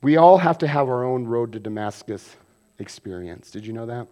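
A man preaching a sermon as pastor, animated, acting out quoted voices and swinging from loud bursts to hushed asides. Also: medium pitch, normal speed.

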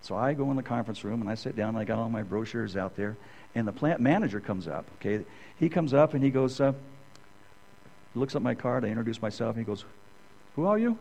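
A middle-aged man gives a loose, conversational sermon, drifting into personal anecdotes. He rambles, restarts his sentences and keeps checking in with his listeners. His pitch sits in an ordinary middle range. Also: fast, a little mellow, rough recording. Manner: rambling, keeps asking "okay?". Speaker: Bible teacher.

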